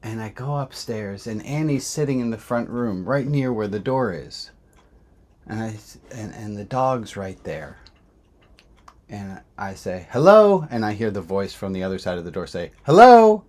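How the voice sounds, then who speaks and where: A man's voice: lowish voice, normal speed, a little mellow. A man who is a rabbi, telling a candid personal story in a self-reflective way, often restarting his sentences.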